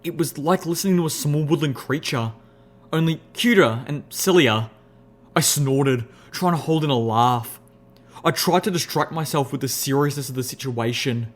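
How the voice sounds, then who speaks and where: A man giving a first-person audiobook narration in an expressive, measured storytelling voice. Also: on the high side.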